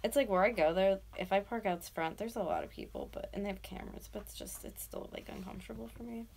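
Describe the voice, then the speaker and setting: On a late-night home livestream, a vlogger in her twenties from North America talks fast in a sing-song, mid-range voice with vocal fry while making art. She rambles, leans on fillers, and now and then shouts loudly to rouse someone; a little background noise is audible.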